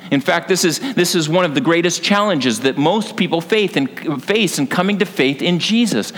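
A man's voice: on the high side, lively intonation, normal speed, few pauses, a bit bright, in a large hall. A man preaching a sermon as pastor, earnest and building to passionate emphasis.

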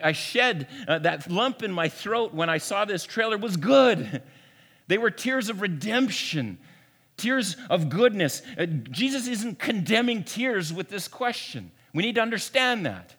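A male pastor preaching an Easter sermon, swinging from hushed to emphatic and often repeating words, in a church sanctuary. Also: sits high, animated, a little slow. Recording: long reverb of a large room.

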